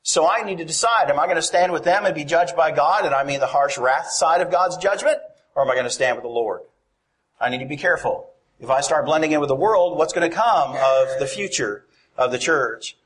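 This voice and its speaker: A man's voice: fairly high pitch, a little fast, fairly bright tone. A man preaching a sermon in a conversational way, often asking his congregation questions.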